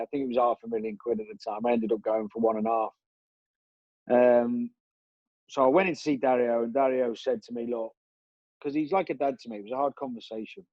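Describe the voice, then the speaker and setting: A man's voice: medium pitch, steady tone, a little fast, dry recording, dull audio. Man telling stories. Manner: rambling, with many restarts and fillers. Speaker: interview guest, former footballer. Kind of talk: relaxed storytelling.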